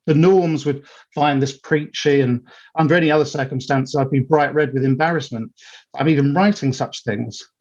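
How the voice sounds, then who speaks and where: A man reads his own letter aloud, earnest and sincere with wry, self-mocking asides. His voice sits a little high for a man. The sound is dull and lo-fi, like live-stream audio. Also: a little mellow. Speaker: author reading his letter. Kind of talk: reading a personal letter aloud.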